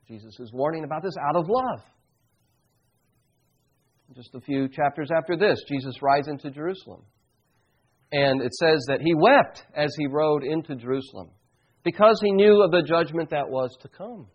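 A man's voice: fairly high pitch, slightly rough, lo-fi sound. Earnest man preaching a sermon. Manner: earnest, reflective preaching with slow emphatic stresses. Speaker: pastor.

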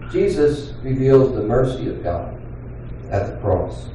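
A man preaching a sermon as pastor, talking in an earnest, conversational way with pauses and restarts. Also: on the high side, a little mellow. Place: church sanctuary. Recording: very echoey hall, voice from far off.

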